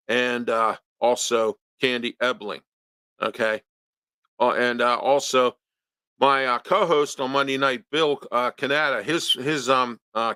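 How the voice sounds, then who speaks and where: A man's voice: mid-range voice, sharp tone, smooth, no echo. A man hosting an opinion talk show in a studio, ranting with rhetorical questions and repeating himself.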